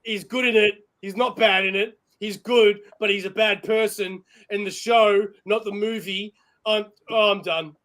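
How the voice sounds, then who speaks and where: Excitable high-voiced Australian man. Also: unhurried. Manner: excitable, rambling, laughs often. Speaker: podcast co-host. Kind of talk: casual live chat.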